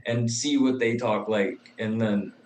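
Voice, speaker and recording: A man's voice: mid-range voice, steady tone, measured pace, a little mellow, roomy sound, poor audio. A man from Canada chatting casually on a group call, rambling and swearing freely. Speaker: call participant.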